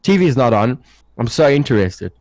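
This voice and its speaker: A young man spins a story for his podcast, his voice rising and falling with lively swings. He swears casually and slips into voices for the people in his tale. The sound is dry and close, with no room around it. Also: medium pitch, brisk, no echo. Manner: animated, swears freely, acts out voices. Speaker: podcast co-host.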